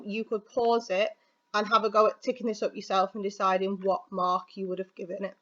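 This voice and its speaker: A British woman who teaches English talks through an exam answer in a recorded video lesson, chatty and informal, thinking aloud with fillers. Her voice is mid-range and fairly bright, and the audio is slightly dull and lo-fi.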